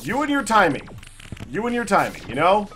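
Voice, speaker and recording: A man's voice: sits high, wildly swooping pitch, a little fast, a bit bright, faint music behind. A man giving live commentary on his own gameplay, talking frantically, stammering and turning sarcastic when things go wrong. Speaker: gaming channel host.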